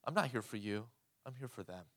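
A man preaching who voices Jesus as a calm, grave teacher, speaking low and quietly. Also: fairly quick, close to an everyday voice.

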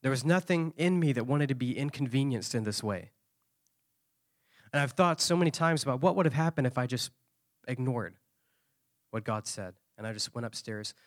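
A man preaching at a conference, telling a story with lively shifts of voice. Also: medium pitch, normal speed, long pauses, no echo, studio quality. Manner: animated storyteller, acting out quoted voices. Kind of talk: sermon storytelling.

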